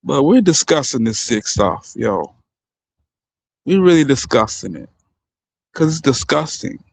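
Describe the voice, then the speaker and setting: A man's voice: mid-range voice, very animated, unhurried, creaky, husky, no echo. A man hosting a livestream, ranting in a heated, profane way and breaking off often to apologize to his viewers. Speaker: livestream host. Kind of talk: unscripted livestream rant.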